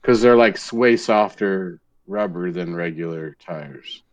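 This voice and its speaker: Low-voiced easygoing man. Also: unhurried, dry recording, highs cut off. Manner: easygoing, chimes in with short agreements and practical tips. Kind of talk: casual chat.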